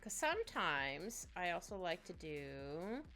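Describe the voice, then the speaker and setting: Speaking slowly, a woman on the low side of the pitch range swings her pitch widely. The digital artist chats casually during her drawing stream, rambling, giggling, and making many small asides. Soft music plays in the background.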